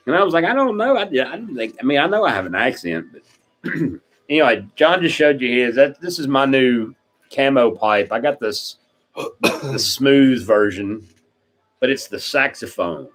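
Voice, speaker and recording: A man's voice: medium pitch, unhurried, long pauses. Staten island guy shooting the breeze over pipes, laughs a lot, voice bounces all over. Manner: laughs often, relaxed joking. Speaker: podcast co-host. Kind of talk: casual pipe-smoking chat.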